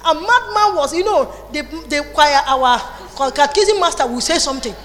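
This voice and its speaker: A woman with a Nigerian accent preaching a lively sermon, slipping into Pidgin and Igbo phrases. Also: high voice, moderate pace. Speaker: pastor. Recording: long reverb in a hall.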